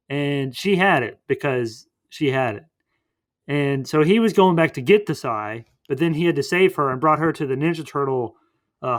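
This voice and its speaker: A podcast host with a slightly high, fairly bright voice casually recaps a movie, rambling along with lots of fillers.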